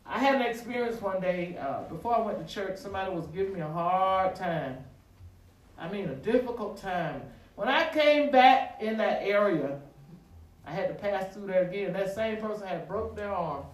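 A man preaching a sermon in a church, using call-and-response with the congregation and rising to shouts. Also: sits high, expressive, normal speed. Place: church sanctuary. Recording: echoey room, distant mic.

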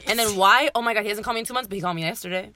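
Bright, chatty young woman co-host. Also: mid-range voice, rapid-fire. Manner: chatty, laughs often, swears freely. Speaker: podcast co-host. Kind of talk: casual chat.

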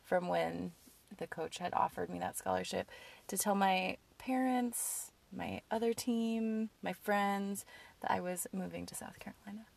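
A woman's voice: medium pitch, steady tone, slow, gravelly, recorded from a distance. A woman in casual podcast chat, telling a story in a chatty way and bursting into quotes of others.

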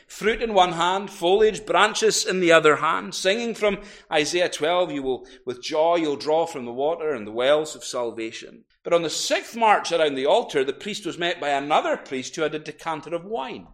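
Preacher, lively pitch, slightly high. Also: male voice, normal speed, hardly any pauses. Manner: animated preaching, rising to loud cries in quotes. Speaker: minister. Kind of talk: sermon. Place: church.

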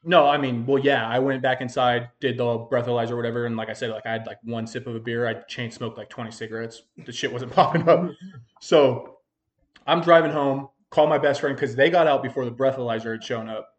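A man's voice: mid-range voice, fairly even intonation, fairly quick. Young male podcast host, mid-range voice, loose profane storyteller. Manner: rambling, profane, full of "like". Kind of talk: casual storytelling chat.

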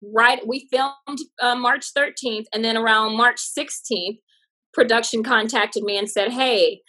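A woman comedian from Texas telling stories in a casual interview, animated and expressive. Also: on the high side, unhurried, poor audio. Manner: animated, expressive, laughs often. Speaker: comedian guest.

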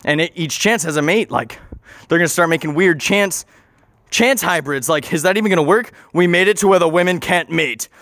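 A man's voice: a little high, fairly quick, fairly bright tone, no echo, clean studio sound. A man improvising a rambling comic story, often interrupting himself and swearing casually.

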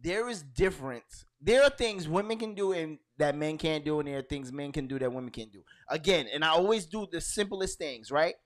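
A man co-hosting a podcast, talking in loud, animated, profane banter and storytelling. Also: on the high side, brisk, hardly any pauses. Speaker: podcast co-host. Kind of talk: casual banter.

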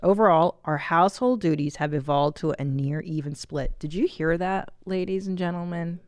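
A woman's voice: on the low side, moderate pace, hardly any pauses, no room sound. Candid middle-aged woman podcast host. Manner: candid, animated, profane, laughs often. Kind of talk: casual podcast chat, reading a listener email.

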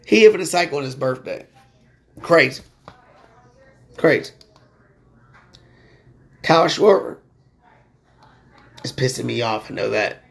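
A man hosts a casual sports talk show in a loose, slangy style. His voice sits at a medium pitch. He often jumps higher and louder when something fires him up. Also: a little slow, creaky, long pauses, slightly rough. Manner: animated, slangy, excitable when ranting. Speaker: sports podcast host.

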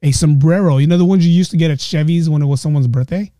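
A man's voice: a little high, fast, no room sound, studio quality. A man hosting a podcast, telling funny stories in casual chat and laughing often. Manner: laughing storyteller, animated asides. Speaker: podcast host.

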